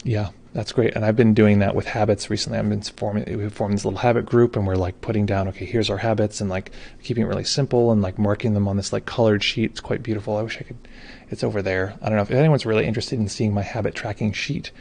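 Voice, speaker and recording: Gravelly-voiced man hosting a chatty livestream. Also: fairly low pitch, steady tone, quick pace, darkish tone. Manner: rambling, stumbles over names, gushes with thanks. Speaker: meditation teacher hosting a livestream. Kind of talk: casual livestream chat reading viewer comments.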